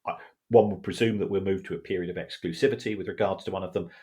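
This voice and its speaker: A man's voice: sits low, fairly even intonation, fast talker, mellow. A man co-hosting a podcast as the football finance expert, explaining in a casual, hesitant way and often repeating words.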